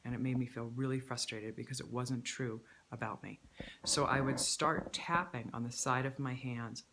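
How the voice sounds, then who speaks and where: A woman stress-management coach filming herself on a handheld camera, teaching a tapping technique and calmly repeating affirmations. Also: a bass voice, normal speed, background noise. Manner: calm, repetitive, speaks affirmations while tapping. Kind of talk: self-help tutorial with spoken affirmations. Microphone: handheld camera at arm's length.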